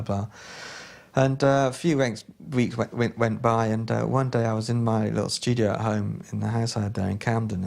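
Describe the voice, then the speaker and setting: A man's voice: on the low side, vocal fry, a little mellow. A man in an interview, telling an anecdote in a hesitant, rambling way with many restarts. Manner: hesitant, full of fillers and restarts, storytelling. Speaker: interviewee, former collaborator.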